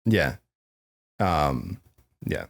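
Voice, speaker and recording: A man's voice: low-pitched, animated, drawn-out words, vocal fry. A man co-hosting a podcast, chatting casually and rambling through stories about films, laughing often. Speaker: podcast co-host.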